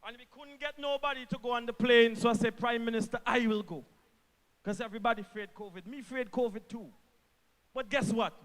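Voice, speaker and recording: A man with an Antiguan accent, a government minister giving an impassioned political rally speech, repeating lines for emphasis and swinging from hushed to shouting. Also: very high voice, brisk, in a large hall. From Antigua and Barbuda.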